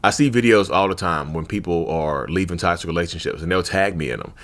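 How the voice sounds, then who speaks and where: A man hosting a casual talk video, speaking into a handheld mic while seated at home, colloquial and animated, repeating his phrases with folksy asides. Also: sits low, fairly quick. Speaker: YouTube host talking about narcissism. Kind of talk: casual direct-to-camera talk. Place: seated at home in front of a tripod camera.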